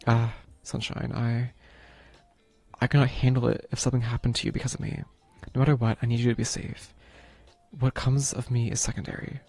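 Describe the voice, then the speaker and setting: A man's voice: medium pitch, level tone, fairly quick, gravelly, darkish tone, no room sound, soft background music. A man voicing the male Grim Reaper in a video game, a protective and brooding figure who speaks in formal, earnest sentences. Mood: worried.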